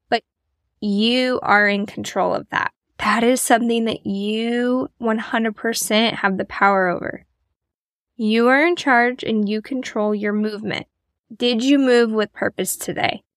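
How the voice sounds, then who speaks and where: A woman's voice: on the high side, no room sound. Encouraging chatty woman, dry sound. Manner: encouraging, chatty, self-deprecating. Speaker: podcast host. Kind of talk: casual motivational monologue.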